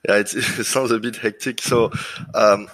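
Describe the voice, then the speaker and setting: Speaking at normal speed in a voice on the low side, a French-accented man from France appears as a guest, discussing things casually as a lead generation business owner. He relaxes into frequent fillers and restarts; the audio is poor, with no room sound.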